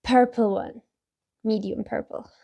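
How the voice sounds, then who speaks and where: Slow, mellow-voiced woman vlogger. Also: on the high side, steady tone, creaky. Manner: halting and candid, with frequent laughs and restarts. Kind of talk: casual talk while taking a personality test.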